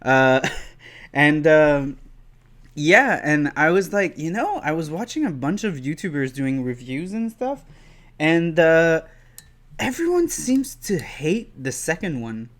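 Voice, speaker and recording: Unhurried Quebec French host. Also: male voice, a little high, sing-song. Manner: rambling, hesitant, full of fillers. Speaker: podcast host. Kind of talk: casual podcast chat.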